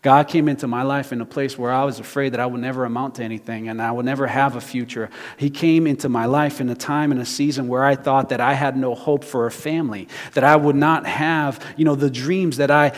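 A middle-aged man preaching in a church, his voice carrying a long hall reverb. He swings from loud, emphatic bursts to hushed, low passages, piling up restarts and rhetorical questions. His pitch sits in an ordinary male middle range. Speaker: pastor. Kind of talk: sermon. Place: church sanctuary.

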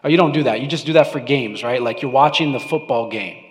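A male pastor preaching a sermon in a church, talking conversationally with the congregation and swinging between loud mock-shouting and hushed earnest lines. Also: medium pitch, fast, slight background noise. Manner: conversational, asks the congregation questions. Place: church sanctuary. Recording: long hall reverb.

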